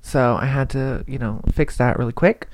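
A young man hosts his own podcast and chats away in a relaxed, wandering way. He pokes fun at himself as he goes. His voice sits at an everyday pitch for a man, in a dry room with no echo. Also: normal speed. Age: young adult. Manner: rambling, chatty and self-deprecating. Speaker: podcast host. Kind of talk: casual solo podcast chat.

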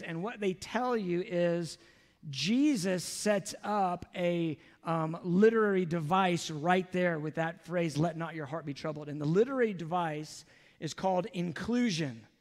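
A man preaching a sermon as pastor, talking to the congregation in a loose, conversational way with casual asides. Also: sits high. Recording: long echo from a large hall.

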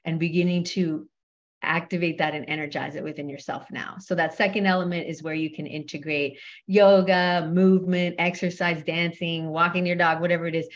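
A woman, a personal trainer and yoga instructor, speaking as a guest in an interview with a smooth, measured delivery like a radio host. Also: low-pitched, muffled recording. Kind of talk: podcast interview.

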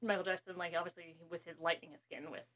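A woman's voice: on the low side, fairly even intonation, a bit bright. Rambling woman podcast co-host. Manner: rambling, quick asides, laughs. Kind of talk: casual movie-watching chat.

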